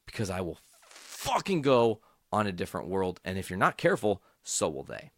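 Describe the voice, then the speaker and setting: A man's voice: low voice, very animated, normal speed, no room sound, studio quality. A young adult man hosting a podcast, telling a personal story with angry, profane, emphatic outbursts. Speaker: podcast host.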